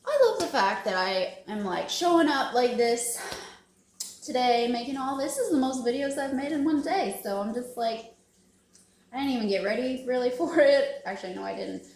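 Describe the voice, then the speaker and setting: A woman's voice: high voice, lively intonation, moderate pace, roomy sound, a little hiss or hum. Emotional rambling woman vlogger. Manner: emotional, rambling, laughs often. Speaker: wellness vlogger. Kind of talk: casual confessional vlog.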